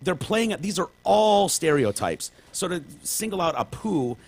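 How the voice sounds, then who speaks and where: A man's voice: high-pitched, very animated, unhurried, husky. A man co-hosting a casual podcast, rambling through examples and swearing casually. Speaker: podcast co-host.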